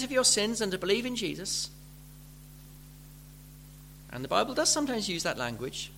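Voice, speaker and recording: A man preaching a sermon, building from gentle explanation to fervent, pleading emphasis. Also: sits high, sing-song, normal speed, vocal fry, pauses often.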